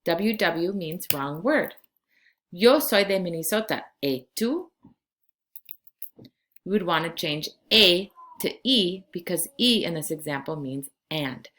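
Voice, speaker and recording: Low-voiced woman teaching a class. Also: animated, fairly bright tone. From California. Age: 40s. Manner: slow, clear classroom instruction switching between Spanish and English. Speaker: Spanish teacher. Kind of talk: recorded class lesson.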